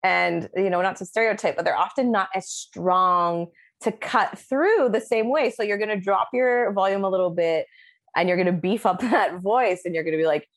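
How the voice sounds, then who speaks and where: A woman DJ chats casually as a podcast guest, animated and quick to act out little quoted voices. Her voice sits at a middle pitch and she laughs often.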